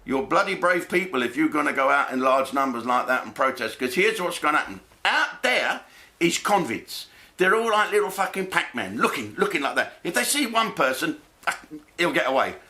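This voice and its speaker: A man's voice: on the high side, very animated, moderate pace, bright, forceful tone. A man, doing a blokey, jokey comic monologue full of swearing and asides. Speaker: comedian host.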